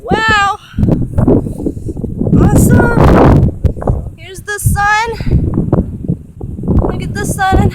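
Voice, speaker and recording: Gushing high-voiced woman on a windy beach. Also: little pitch movement, very slow, long pauses. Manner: gushing, exclamatory. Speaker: vlogger. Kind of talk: casual walking vlog. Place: outdoors on a beach. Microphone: phone on a selfie stick. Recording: loud wind noise on phone.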